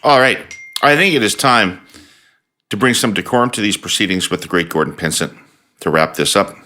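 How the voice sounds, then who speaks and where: A man hosting a political panel podcast, briskly moving between segments. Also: sits low, bright, forceful tone, a little hiss or hum. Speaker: podcast host.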